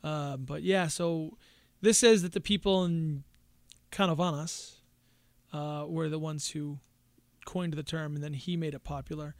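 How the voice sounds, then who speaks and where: A high-voiced man co-hosting a casual podcast, recorded dry and close. He rambles through his points with many pauses and fillers. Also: fairly even intonation, dry recording. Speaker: podcast co-host.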